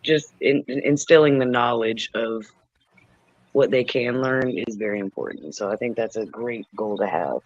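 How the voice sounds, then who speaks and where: Man, mid pitch, measured, earnest, dry, dull lo-fi video call audio. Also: dry recording. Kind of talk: casual live stream chat.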